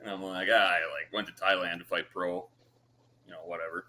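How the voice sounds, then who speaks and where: A man's voice: low voice, level tone, fairly quick, sharp tone, a little hiss or hum. A man from Canada, a guest on a podcast, telling stories casually with lots of swearing and fillers. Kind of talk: casual storytelling.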